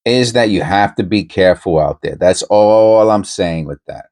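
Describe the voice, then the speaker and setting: Low-voiced man rambling about coins. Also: moderate pace, a little mellow. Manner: rambling, self-interrupting, conversational. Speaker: coin-hunting channel host. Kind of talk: casual commentary to camera.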